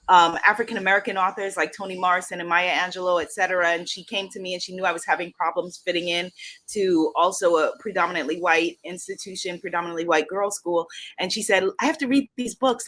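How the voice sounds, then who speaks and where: A woman from New York, a guest author and coach, telling a personal story in an interview, animated and often laughing. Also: medium pitch. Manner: animated, laughs often, acts out quoted voices.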